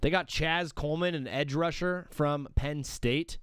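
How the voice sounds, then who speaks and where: A man's voice: fairly high pitch, a little slow, fairly bright tone, smooth, dry recording, clean studio sound. A young man hosting a live sports show, rambling casually and interrupting himself as he ranks teams. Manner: rambling, self-interrupting, talks to himself while working. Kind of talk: casual live-stream commentary.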